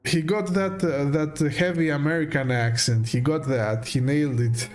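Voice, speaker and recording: Hesitant, slow-talking man streaming a game. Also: a little high. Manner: hesitant, many fillers and restarts, laughs often. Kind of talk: casual gameplay commentary. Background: faint game music.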